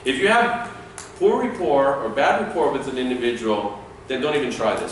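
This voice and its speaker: Animated man lecturing in an echoey room. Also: medium pitch, normal speed, a little hiss or hum. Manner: lively, demonstrates dialogue with acted lines. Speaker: security trainer. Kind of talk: classroom training lecture. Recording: echoey room, speaker far from mic.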